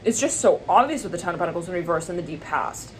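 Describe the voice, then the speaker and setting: A woman giving a casual, rambling tarot reading to camera, chatty and quick to laugh, slipping into high squealing voices when she quotes people. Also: animated, a little hiss or hum. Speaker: tarot reader.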